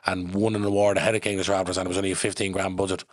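Fast-talking Dublin man, low voice. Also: no room sound, studio quality. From Ireland. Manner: animated, swears freely, acts out quoted voices. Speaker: podcast guest. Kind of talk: casual storytelling.

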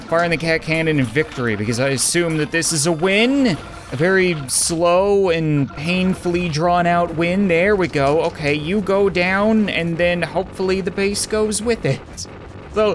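A man's voice: on the high side, a bit bright. A man hosting a let's play, giving casual, joking, rambling gameplay commentary. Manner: joking, rambling, self-mocking.

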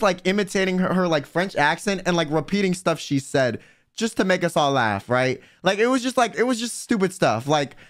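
A young man livestreaming as a vtuber, telling stories in a casual, animated way with plenty of swearing and filler words. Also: high voice. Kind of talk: casual storytelling on stream.

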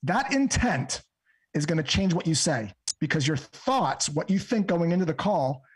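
A man, a sales trainer, calmly explaining and role-playing a cold call step by step on a podcast. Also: a little high, breathy edge. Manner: calm, measured, breaks a method into steps. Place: podcast interview recording.

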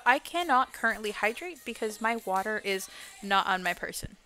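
On her gaming live stream, a young adult woman talks casually to viewers as she plays, cursing freely and letting exclamations slip out. Her mid-range voice is pushed and bright, with lively intonation at a normal speed, and faint music plays behind her.

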